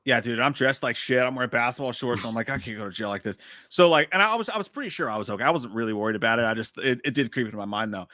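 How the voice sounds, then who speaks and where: A man's voice: medium pitch, animated, racing, hardly any pauses, sharp tone, no echo, clean studio sound. A man co-hosting a podcast, telling a story in casual chat, acting out quotes and swearing a lot. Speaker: podcast co-host.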